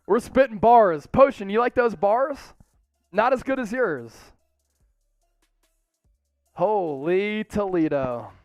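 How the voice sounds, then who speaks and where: A young man hosts a casual sports live stream from a small studio, his voice sitting very high and his delivery slow and drawn out. He is rowdy and excitable, ready to shout. The sound is dry and close, with faint music in the background. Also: no room sound, dull audio. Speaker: sports show host.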